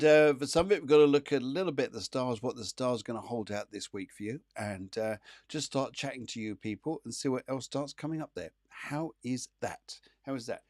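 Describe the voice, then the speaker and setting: A man's voice: medium pitch, a little mellow, no room sound, studio quality. Chatty upbeat man hosting a live show. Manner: chatty, upbeat, rambling with many fillers. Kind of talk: casual live-stream chat.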